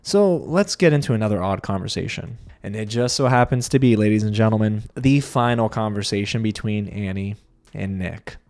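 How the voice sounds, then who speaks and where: A man's voice: lowish voice, expressive, moderate pace, a little mellow. A man giving a casual, sarcastic recap of a reality show, talking straight to his viewers with lots of animation.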